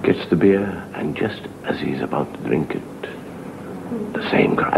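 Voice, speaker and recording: A man telling a comic horror story with a dramatic delivery, dropping to a hushed whisper and swelling again. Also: fairly low pitch, expressive, normal speed, creaky. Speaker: comedian storyteller. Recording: dull hissy old TV recording.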